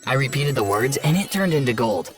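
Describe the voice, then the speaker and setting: A narrator telling a first-person storytime tale in a steady, even manner, over background music. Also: medium pitch, brisk.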